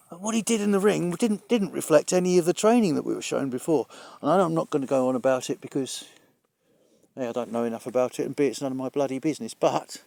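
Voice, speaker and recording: A middle-aged man films himself on a hillside walk, talking in a rambling, chatty way with dry little jokes. He is a bit out of breath and his voice sits slightly high for a man. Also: gravelly, a little mellow, dry recording. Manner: rambling, chatty, dry humour, swears mildly. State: out of breath from climbing. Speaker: travel vlogger. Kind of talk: casual walking vlog. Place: outdoors on a hillside near water.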